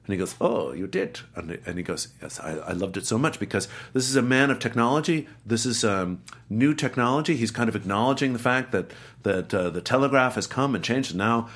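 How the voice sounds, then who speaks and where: A middle-aged man telling a casual anecdote, acting out the voices and accents of the people in it. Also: on the low side. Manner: animated storyteller, acts out voices and accents. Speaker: guest actor telling a story.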